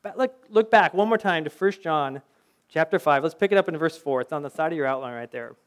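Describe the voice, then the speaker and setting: A man's voice: fairly high pitch, brisk. A middle-aged man preaching a sermon in a conversational way, mixing scripture with personal anecdotes and rhetorical questions. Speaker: pastor.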